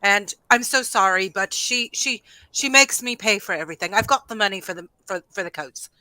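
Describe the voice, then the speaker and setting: A woman's voice: mid-range voice, fairly quick, bright, forceful tone, no room sound, poor audio. A woman voicing a fawning servant valet in a put-on accent, apologizing and stammering over and over. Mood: flustered, apologetic.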